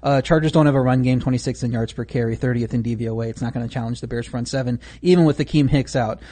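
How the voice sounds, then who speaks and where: A man's voice: mid-range voice, fast talker, mellow. A man analyzing football bets in an analytical way, citing lots of stats. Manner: analytical, stat-heavy. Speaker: betting analyst. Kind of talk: sports betting chat.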